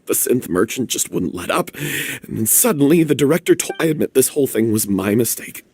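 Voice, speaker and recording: Game scene: husky guilty troupe guy, hesitant, pitch wanders a lot. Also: animated, fairly quick, darkish tone. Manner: hesitant, apologetic. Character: guilt-ridden man confessing, meek and remorseful.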